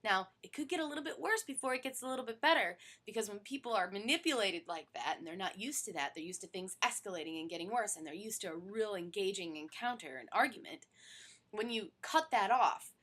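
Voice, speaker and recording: Woman stress therapist at mid pitch, animated coaching delivery with sudden soft near-whispered asides. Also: a little fast. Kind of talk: instructional talk to camera.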